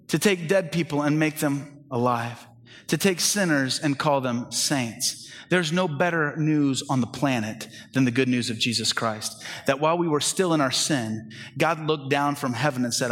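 A middle-aged man preaching a sermon as pastor, earnest, swinging from urgent, raised delivery to hushed, quiet appeals. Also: a little high, a little slow.

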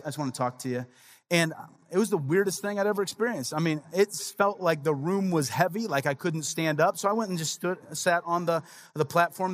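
A man in his forties preaching a sermon as pastor, telling personal stories in a conversational way with frequent asides to the congregation. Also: on the high side.

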